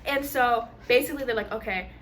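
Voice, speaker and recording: A young adult woman telling a long story in casual mukbang chat, animated and full of fillers, acting out what others said. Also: fairly high pitch, a little fast. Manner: animated storyteller, acts out quotes, many fillers.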